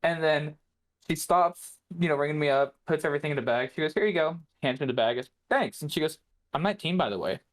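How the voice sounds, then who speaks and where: A man's voice: fairly high pitch, animated, quick pace. A man co-hosting a podcast, telling a profane story in casual chat. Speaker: podcast co-host.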